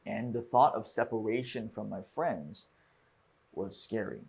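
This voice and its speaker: Podcast host guy, kinda low husky voice, halting, keeps restarting his sentences. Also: animated, darkish tone. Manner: halting and reflective, frequent restarts. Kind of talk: casual podcast conversation, personal storytelling.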